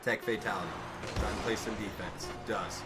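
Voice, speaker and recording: A man casting a video game match live, excitable and jokey, often trailing off mid-sentence. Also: fairly low pitch, normal speed, over loud music. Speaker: esports caster. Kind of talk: live play-by-play commentary.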